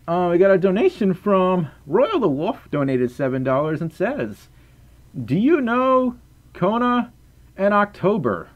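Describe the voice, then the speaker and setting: A man's voice: sits high, big pitch swings, measured pace, highs cut off. A young man chatting casually on a livestream, reading out chat and donations with playful stammers and restarts.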